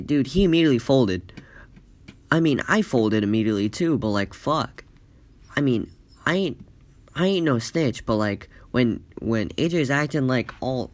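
A man's voice: medium pitch, no room sound. A man telling a casual, profane story in rambling speech full of "like" fillers.

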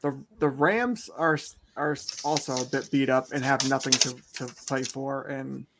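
A man co-hosting a casual fantasy football chat, measured and often hedging his opinions. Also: medium pitch, heavy background noise. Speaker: podcast co-host.

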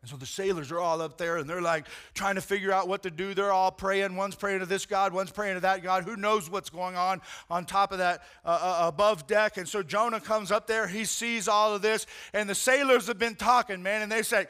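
A man preaching a sermon, retelling a story in animated, casual language with slang like "man" and "bro". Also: high voice, fairly quick, hardly any pauses. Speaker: pastor.

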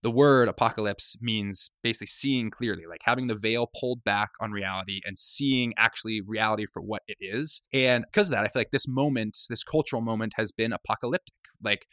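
A man's voice: lowish voice, bright, forceful tone, dry recording, clean studio sound. A man hosting a podcast, talking in an earnest, searching way with many hedges. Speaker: podcast host. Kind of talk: reflective podcast talk.

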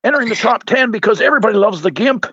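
A man commentating on a wrestling league with gruff, crass, mock-outraged podcast banter. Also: sits high, animated, very fast, a bit bright, no echo, lo-fi sound. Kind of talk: crude joking podcast banter.

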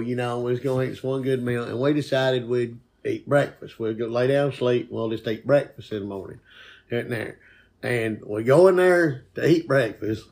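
Gravelly man telling a story. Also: medium pitch. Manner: animated drawling storyteller. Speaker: comedian. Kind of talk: casual storytelling.

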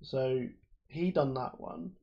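A man's voice: medium pitch, slow pace, muffled recording. A man, co-hosting a podcast and explaining things at length in casual chat, with lots of fillers. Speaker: podcast co-host.

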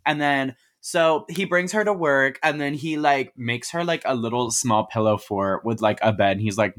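A man's voice: medium pitch, moderate pace, few pauses, fairly bright tone. A man co-hosting a podcast, casually recapping a movie scene by scene in slangy, profane talk and acting out the characters' lines in quotes. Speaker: podcast co-host.

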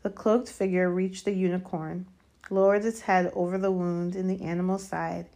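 A woman reading a children's fantasy chapter aloud as narrator, steady and measured. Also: lowish voice. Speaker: audiobook reader. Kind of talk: storybook narration.

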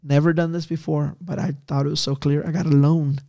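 A man, a missionary pastor, excitedly telling a personal story in quick bursts. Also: on the high side, vocal fry, no room sound.

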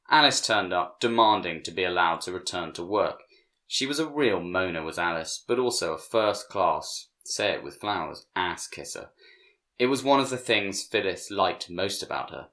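Male narrator, very low voice, measured storybook reading, hushes for dialogue.

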